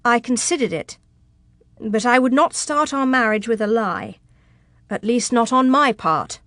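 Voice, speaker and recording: A woman's voice: a little high, a little slow, a bit bright, no echo, studio quality. A woman voicing a proud young bride who speaks firmly and defiantly in an audiobook. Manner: firm and defiant. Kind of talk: audiobook character voice.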